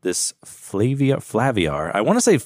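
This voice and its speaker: A man's voice: mid-range voice, measured pace, no echo, clean studio sound. A man co-hosting a podcast, chatting casually and joking while he tastes and rates whiskey. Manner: relaxed, joking, rating whiskey aloud. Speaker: podcast co-host. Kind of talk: casual chat.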